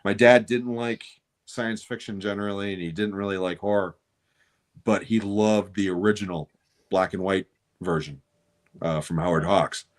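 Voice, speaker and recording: A middle-aged man telling a story on a podcast, animated and swearing freely. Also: low voice, normal speed. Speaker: podcast co-host. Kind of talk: casual chat, storytelling.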